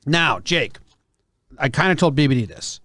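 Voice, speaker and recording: Slightly high-voiced man chatting loosely. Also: lively intonation, moderate pace, fairly bright tone, no echo, clean studio sound. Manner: loose and hedging, full of "like". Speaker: podcast host. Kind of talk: casual chat.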